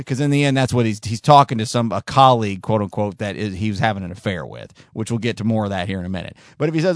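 A man's voice: medium pitch, animated, quick pace, dry recording, clean studio sound. A man hosting a commentary show, ranting casually in a sarcastic, profane and mocking way.

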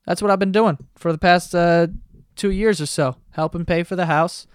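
A podcast host in his twenties speaks at a moderate pace in a high, steady, clear and resonant voice. Alone in his basement bedroom with a podcast microphone, he rambles, swears casually and jokes about himself, with clean studio sound and no echo.

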